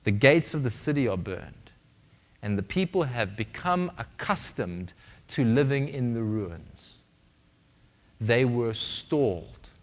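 A man preaching a sermon, dramatic, swinging between loud emphasis and hushed, quiet passages. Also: mid-range voice.

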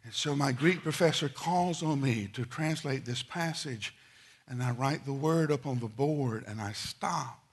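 A middle-aged man preaching a sermon, telling stories and swinging from loud, quick asides to hushed, slow lines. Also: medium pitch, breathy edge.

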